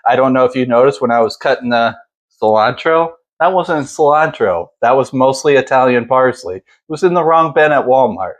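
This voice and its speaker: A man's voice: mid-range voice, fast talker, hardly any pauses. A man hosting a casual home cooking video, chatting in a laid-back, self-deprecating way while he makes salsa. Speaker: cooking channel host.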